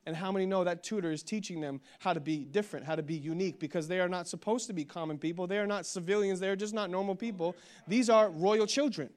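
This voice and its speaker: Young male pastor, high-pitched, energetic sermon delivery. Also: fast talker. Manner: energetic preaching that builds to loud declarations, with humorous storytelling.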